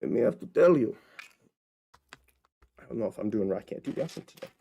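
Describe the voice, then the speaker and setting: A man's voice: fairly low pitch, expressive, brisk, gravelly, warm tone, a little hiss or hum. A man chatting in a casual solo vlog at home, rambling playfully with asides to viewers while he waits around. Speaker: vlogger and actor. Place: at home, indoors.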